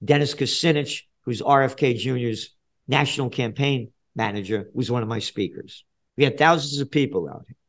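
A male trend forecaster in his seventies from the Bronx, New York, tells combative stories as a guest in a podcast interview, speaking in an ordinary middle register at a moderate pace. He's blunt, fiery and profane, shifting from a low mutter to loud outbursts.

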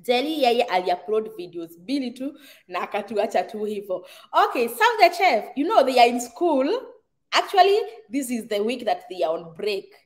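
A woman's voice: fairly high pitch, very animated, normal speed. A middle-aged woman from Kenya with a Kenyan accent, hosting a casual live stream and reading out viewer comments, chatty, laughing often and slipping into Swahili phrases.

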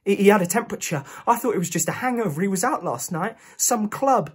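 A man acts out a worried mother in a stage monologue, subdued and plain. The voice is husky and pitched high. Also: expressive, fast talker, exaggerated voice. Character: worried mother in a waiting room, quiet.

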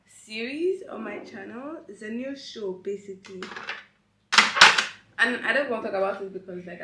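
A young woman talks to her camera while doing her makeup, her voice hoarse from a cold. She rambles and fills gaps with "like", and the room around her rings a little. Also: medium pitch, very noisy. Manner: chatty and rambling, many fillers. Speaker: vlogger. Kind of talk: casual get-ready-with-me vlog. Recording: roomy echo.

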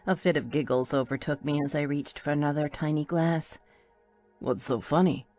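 A woman's voice: low voice, fairly even intonation, a little fast, a little mellow, soft background music. A woman narrating a first-person audiobook in a wry, playful storytelling manner.

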